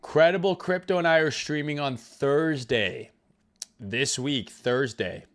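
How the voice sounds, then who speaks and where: Guy on a crypto livestream, swearing casually, reading chat names, mid-pitched voice. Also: slow pace, a bit bright. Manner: loose, profane, reads chat names aloud. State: recovering from illness. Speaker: crypto trading livestream host.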